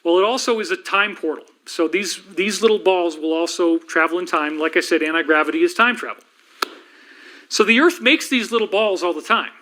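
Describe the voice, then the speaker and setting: Middle-aged guy talking super fast on a livestream, high bright voice, keeps restarting sentences. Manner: rapid, rambling, with frequent restarts. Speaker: livestream host and researcher. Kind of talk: fast-paced lecture livestream.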